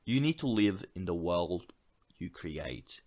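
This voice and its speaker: A man's voice: low voice, very animated, slow pace, darkish tone. A man co-hosting a podcast who talks through films in a casual, reflective way and often agrees with his partner. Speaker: podcast co-host. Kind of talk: casual film discussion.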